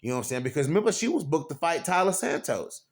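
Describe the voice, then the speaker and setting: A man's voice: a little high, sing-song, fast talker. A man hosting his own fight commentary channel, talking casually in slang and repeating "you know what I'm saying" as he breaks down an upcoming bout. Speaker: MMA commentary host.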